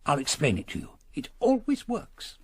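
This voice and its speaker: An actor playing a plummy, conspiratorial older official in a radio comedy. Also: male voice, on the high side, wildly swooping pitch, normal speed, breathy edge, no room sound, full character voice.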